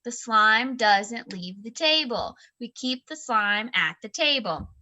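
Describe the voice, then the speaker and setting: A woman in her thirties co-hosting a book club podcast, telling a home story in a lively, expressive way and acting out the voices she quotes. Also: fairly high pitch, slow pace. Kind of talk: casual storytelling chat.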